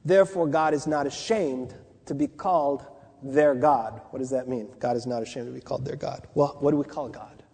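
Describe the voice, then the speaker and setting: A man's voice: medium pitch, a little fast, vocal fry, darkish tone, slightly rough, big-room sound. A man preaching a sermon in a conversational way, often asking rhetorical questions.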